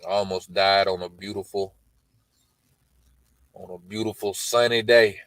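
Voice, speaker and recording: A man's voice: deep voice, steady tone, a little slow, a bit bright, no room sound, low-quality recording. A man hosting a podcast, reading scripture aloud and breaking off into loose, colloquial commentary, often adding "man" and "you know" as he talks. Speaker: podcast host.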